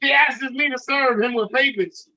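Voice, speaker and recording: A man telling a profane, animated story in a casual podcast chat, acting out the dialogue. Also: very high-pitched, normal speed, low-quality recording.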